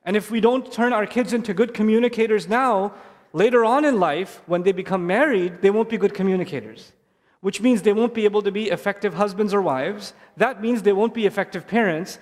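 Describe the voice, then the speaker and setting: A middle-aged man giving a lively stage talk to parents, telling stories and repeating key phrases. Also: high voice, a little fast. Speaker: speaker at a family event. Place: hall on stage. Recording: long hall reverb.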